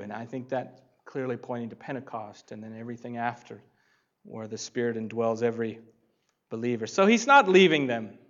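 A man preaching a sermon, reading scripture and rising to loud emphasis on key phrases. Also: mid-range voice, fairly quick. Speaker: pastor. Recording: dull lo-fi sound.

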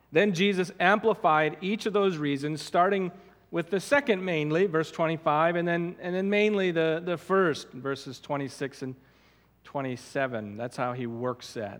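Guy preaching a sermon, kinda high voice, leans hard on words, big hall echo. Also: a bit bright. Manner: emphatic, repeats and stresses words while teaching. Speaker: pastor. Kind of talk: expository sermon. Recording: long hall reverb.

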